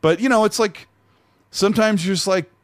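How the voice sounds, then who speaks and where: A man hosting a casual podcast chat on a headset, animated as he reads chat comments aloud. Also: sits high, moderate pace, no room sound. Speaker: podcast host.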